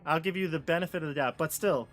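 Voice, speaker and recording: Over a video call, a man acts as dungeon master for a tabletop game, explaining the rules in an easygoing, patient way. His voice is fairly high, he talks fast, and music plays underneath.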